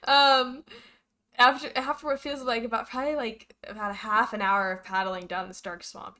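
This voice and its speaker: Bright-voiced woman game master. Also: mid-range voice. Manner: unhurried descriptive narration with fillers. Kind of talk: narrating a tabletop game.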